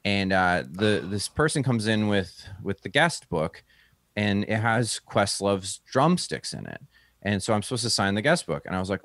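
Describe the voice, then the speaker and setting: A man who is a comedian, telling a story in a relaxed interview and acting out the people he quotes in a higher voice. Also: moderate pace, dry recording, studio quality. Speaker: stand-up comedian, guest.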